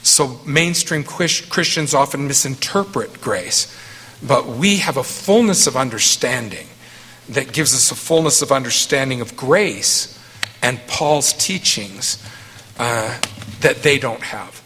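Slow, earnest man in a reverberant hall. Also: mid-range voice, animated, bright, forceful tone, husky. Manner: earnest and emphatic, slow deliberate phrasing. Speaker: speaker answering questions. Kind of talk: informal Q&A after a talk.

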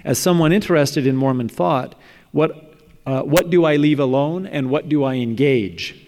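A man reading a prepared academic paper aloud in a measured way, now and then stumbling and restarting. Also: a little high, darkish tone, slight background noise. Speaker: speaker presenting a paper on religious apologetics. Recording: echoey hall with long reverb.

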